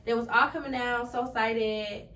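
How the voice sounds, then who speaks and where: Animated young woman telling a story. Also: on the high side, normal speed. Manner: animated, acts out quoted voices, laughs often. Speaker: podcast guest. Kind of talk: casual family storytelling. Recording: echoey room, mic at a distance, faint noise.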